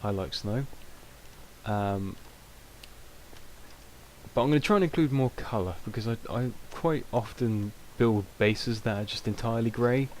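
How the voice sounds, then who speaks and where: A man's voice: medium pitch, measured pace, pauses often. A young British man giving rambling, self-mocking casual gameplay commentary, with many ums. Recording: noisy home recording.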